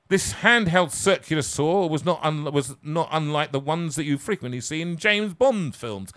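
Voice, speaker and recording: A man reads his own comic story aloud in a theatrical, self-mocking way. He drops to hushed asides and builds to loud, excited peaks, with a fairly high-pitched voice. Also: normal speed, hardly any pauses.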